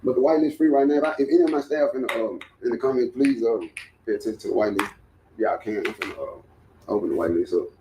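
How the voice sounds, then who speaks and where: Streamer, man, mid-pitched, casual and halting, roomy echo, faint ambience. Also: background noise. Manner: loose, halting, with fillers. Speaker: live streamer. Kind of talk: casual live-stream chat.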